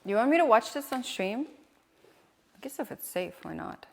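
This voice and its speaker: A woman's voice: a little high, very animated, normal speed, creaky, darkish tone, in a large hall. A woman streamer chatting casually, rambling and asking questions as she reacts to clips. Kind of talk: casual live-stream chat.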